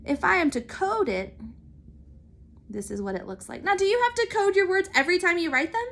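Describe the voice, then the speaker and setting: A woman teaching a phonics lesson to young children, sounding out letters and syllables slowly and clearly. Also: very high-pitched, very animated, a bit bright, a little hiss or hum. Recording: recorded for remote learning.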